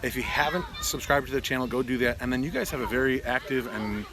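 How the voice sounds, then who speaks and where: A man's voice: mid-range voice, fast. A man in his thirties vlogging casually outdoors, chatting with his animals, his viewers and friends. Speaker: homesteading vlogger. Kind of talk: casual vlog chat. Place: outdoors at a farm gathering. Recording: outdoor noise in the background.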